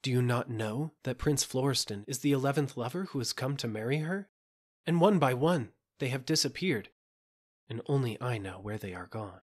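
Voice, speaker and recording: A man's voice: animated, moderate pace, husky. A man doing a fearful young maid, confiding. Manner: low, confiding, conspiratorial. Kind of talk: storybook reading.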